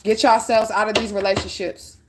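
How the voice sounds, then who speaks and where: A woman's voice: mid-range voice, level tone, a little fast, background noise. A middle-aged woman giving a spiritual reading, preaching bluntly and profanely with heavy emphasis. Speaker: spiritual reader.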